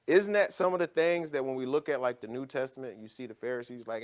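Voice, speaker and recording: A man teaching an informal Bible study, explaining scripture with lively storytelling and acted-out scenes. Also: mid-range voice, quick pace, few pauses. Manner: animated storytelling, acts out scenes.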